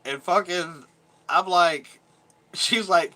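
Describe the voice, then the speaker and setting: A man's voice: a little high, fairly even intonation, takes it slowly, long pauses, sharp tone. A man in his thirties telling a rambling, profane story from his childhood in a casual vlog, laughing now and then. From Georgia, US. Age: 30s. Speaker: vlogger.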